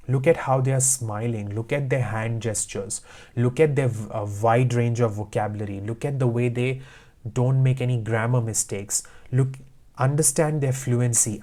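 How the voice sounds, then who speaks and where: A man's voice: lowish voice, darkish tone. A man teaching IELTS speaking tips, giving direct, emphatic advice in short repeated commands. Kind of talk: instructional talk to camera.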